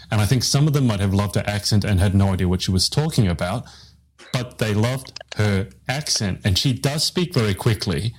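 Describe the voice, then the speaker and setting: A man's voice: lowish voice, a little fast. A man hosting a live interview show, telling rambling, self-deprecating stories to his guest over a video call. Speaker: podcast host, interviewer.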